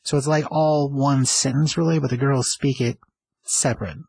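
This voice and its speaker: A man's voice: medium pitch, steady tone, moderate pace, vocal fry, darkish tone, slightly rough, dry recording, poor audio. A man casually retelling a TV episode, rambling with lots of fillers. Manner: rambling, filler-heavy, conversational. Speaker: show recapper.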